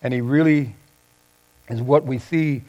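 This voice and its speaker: A middle-aged man preaching a sermon, swinging from loud bursts to soft asides. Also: mid-range voice, fairly even intonation, a little slow, dull audio. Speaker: pastor.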